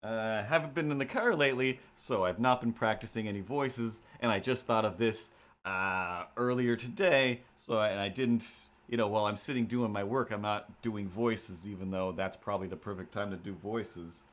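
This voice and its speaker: A man's voice: on the low side, normal speed, fairly bright tone. A man chatting casually on a livestream from a room at home, rambling and self-mocking as he works out a character voice. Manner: rambling, self-mocking, full of fillers and restarts. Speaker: animator and streamer.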